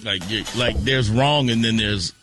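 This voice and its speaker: A man's voice: on the low side, normal speed, music in the background. A man co-hosting a radio comedy bit, laughing while correcting someone's pronunciation. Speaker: radio co-host. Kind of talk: radio show banter.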